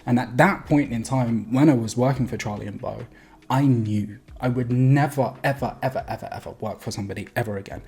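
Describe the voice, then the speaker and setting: A man talking straight to camera as a sales coach, energetic and emphatic, with quick laughs and casual swearing between phrases. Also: medium pitch, gravelly. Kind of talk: direct-to-camera vlog.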